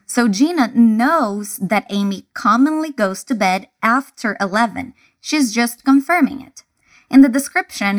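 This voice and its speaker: A woman teaching English pronunciation, speaking clearly and deliberately and breaking phrases into single words for the listener to repeat. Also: fairly high pitch. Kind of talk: slow repeat-after-me pronunciation lesson.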